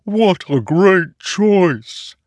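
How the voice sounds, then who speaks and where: A man's voice: high-pitched, animated, very slow, no room sound, voice pushed up, exaggerated voice. A male audiobook narrator voicing a cheerful, naive talking sword that is eager to fight, its voice sounding distorted, as if underwater. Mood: chirpy. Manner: childlike, chirpy, oblivious. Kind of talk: audiobook character voice.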